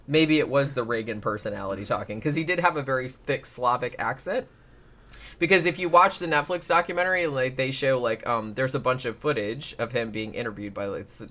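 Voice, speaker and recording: Bright-voiced man rambling casually. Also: mid-range voice. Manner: rambling, lots of "like" and restarts. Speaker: podcast host. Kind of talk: casual true-crime podcast chat.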